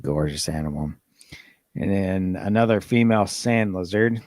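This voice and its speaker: Low, laid-back male podcast host. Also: moderate pace, a little mellow, dry recording, clean studio sound. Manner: laid-back, rambling with fillers. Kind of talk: casual podcast chat reading listener messages.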